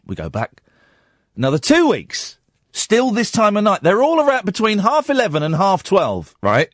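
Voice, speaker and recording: A man hosting a late-night radio talk show, mocking a listener with slow, drawn-out jabs. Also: a little high, sing-song, dry recording, clean studio sound.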